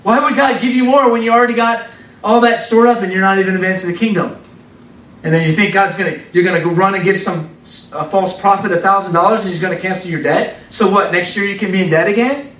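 A man preaching an informal, animated sermon in a conversational way, repeating words for emphasis. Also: sits high, fast, recorded from a distance. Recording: roomy sound from off the mic.

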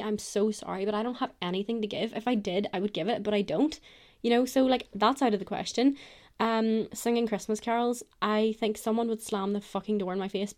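A woman's voice: medium pitch, a little mellow. A young woman, hosting a podcast alone in a candid, self-mocking, chatty way. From Ireland. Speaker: podcast host. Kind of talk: casual solo chat.

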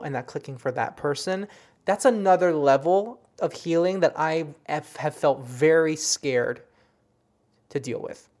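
Low-voiced, excitable woman medium. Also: normal speed. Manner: animated and excitable, many fillers and restarts. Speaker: psychic medium recounting readings. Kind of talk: casual monologue.

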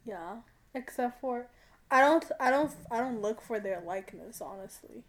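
A woman's voice: on the high side, expressive, normal speed. A young woman in casual chat with a friend, chatty and laughing often, full of fillers. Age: young adult.

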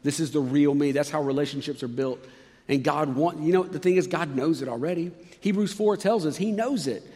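A man's voice: fairly high pitch, brisk, a little mellow. Earnest preacher man in a reverberant hall. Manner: earnest, acts out prayers with sudden shifts in volume. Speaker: pastor. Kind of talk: sermon.

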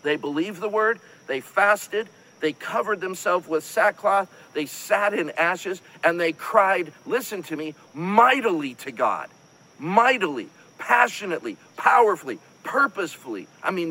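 A man's voice: high voice, animated, a little slow, hardly any pauses, pushed and bright, poor audio. A man preaching a sermon in an impassioned, pleading way, often calling on his listeners to listen. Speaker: pastor.

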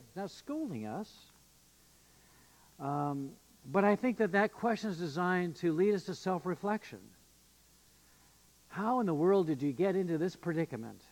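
Man preaching in an echoing hall. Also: a little high. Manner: earnest, emphatic preaching with fillers and restarts. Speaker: pastor. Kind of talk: sermon. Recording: long reverb of a church hall.

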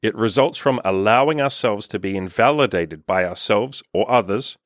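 Blunt, profane man with a low voice. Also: normal speed, dry recording, clean studio sound. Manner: blunt, frequent swearing. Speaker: dating coach. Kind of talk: motivational monologue with book reading.

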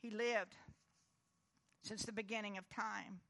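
A woman pastor giving an earnest, comforting sermon, dropping to a hush and then rising with emphasis. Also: mid-range voice, steady tone, a little slow, creaky. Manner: earnest, comforting, moves between hushed and emphatic.

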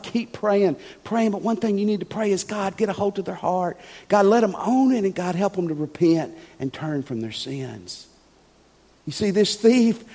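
A pastor preaches in a church sanctuary with a notably high yet darkish voice, emphatic and conversational. He uses rhetorical questions to draw in the congregation, and a long hall reverb trails each phrase.

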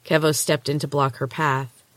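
A woman podcast host narrating a novel chapter aloud in a steady, measured way. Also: sits low, no echo. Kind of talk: storybook narration.

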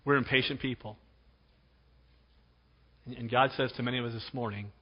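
A man's voice: medium pitch, fairly even intonation, moderate pace, long pauses. A man pastor preaching a sermon in a conversational, storytelling way, repeating words for emphasis. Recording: dull sound in a reverberant hall.

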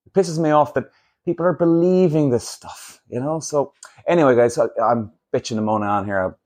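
A man's voice: medium pitch, normal speed, a little mellow. A man hosting a casual solo podcast, talking bluntly and swearing freely as he rants. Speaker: podcast host.

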